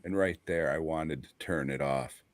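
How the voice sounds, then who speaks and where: A man's voice: very deep voice, normal speed, dry recording, clean studio sound. A man co-hosting a casual podcast chat, blunt and profane, laughing often. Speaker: podcast co-host.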